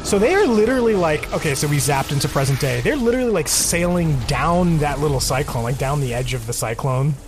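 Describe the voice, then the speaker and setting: A man co-hosting a casual reaction chat, animated and sarcastic, with frequent swearing. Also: a little high, fairly quick, few pauses, music in the background. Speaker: podcast co-host.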